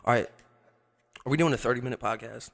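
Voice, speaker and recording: A young podcast co-host tells crude, profane stories and laughs often along the way. His voice is mid-range, creaky and a bit bright, and he talks fast.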